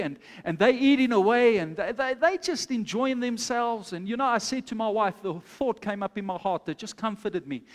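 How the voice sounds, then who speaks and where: A male pastor preaching a sermon, telling a story with acted-out quotes and building to loud, fervent calls to the congregation. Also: sits high. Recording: long hall reverb.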